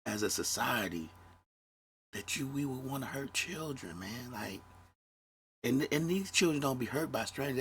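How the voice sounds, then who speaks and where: A man's voice: medium pitch, a bit bright, slight background noise. A man, hosting a solo podcast and talking candidly and reflectively, with a dry throat and moments where he grows emotional. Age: 50s. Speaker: podcast host.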